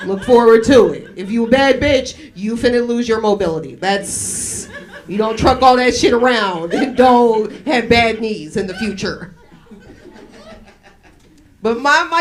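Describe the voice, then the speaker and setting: A woman's voice: fairly high pitch, unhurried. Brash, profane woman comedian on stage. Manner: brash, profane, deadpan about dark topics. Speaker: stand-up comedian. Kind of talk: live stand-up set. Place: small cafe stage, live audience.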